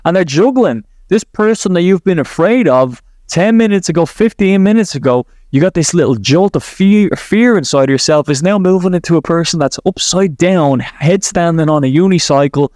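A man's voice: high voice, lively intonation, moderate pace, few pauses, darkish tone, no echo, clean studio sound. Rambling man coaching a visualization. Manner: rambling, self-correcting, laughs at himself. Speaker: podcast host, NLP coach. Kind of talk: guided visualization talk.

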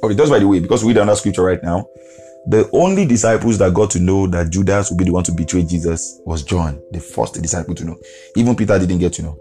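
Low, mellow-voiced man preaching. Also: quick pace, faint music behind. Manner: earnest, repeats phrases for emphasis. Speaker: podcast preacher. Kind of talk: devotional podcast sermon.

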